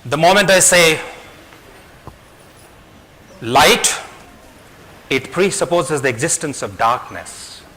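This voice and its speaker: A man's voice: a little high, expressive, slow pace, long pauses, bright, forceful tone, slight background noise, poor audio. A man giving a motivational talk to an audience, speaking emphatically, repeating his key phrases and telling a parable.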